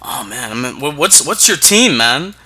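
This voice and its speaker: A man's voice: medium pitch, big pitch swings, normal speed, bright, forceful tone, slightly rough. A man co-hosting a casual wrestling podcast, often stumbling and repeating words, with playful hype. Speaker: podcast co-host.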